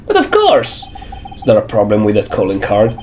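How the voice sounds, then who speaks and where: A man voicing a pompous gentleman detective from a video game, theatrical and haughty. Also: fairly low pitch, huge pitch swings, normal speed, a little hiss or hum.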